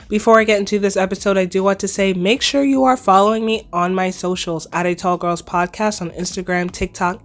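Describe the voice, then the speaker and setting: A young woman in her twenties hosting her own podcast, casually chatting in a slightly hoarse voice, playful and full of slang. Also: medium pitch. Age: 20s. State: hoarse, recovering lost voice. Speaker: podcast host. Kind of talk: casual solo podcast chat.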